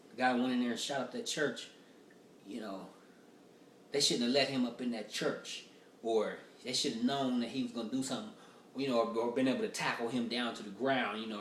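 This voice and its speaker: Profane rambling comedian, echoey room. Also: male voice, mid-range voice, fairly bright tone, a little hiss or hum. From United States. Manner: loose, profane, rambling storytelling. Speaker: stand-up comedian. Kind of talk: casual stand-up rehearsal. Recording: roomy echo from far off.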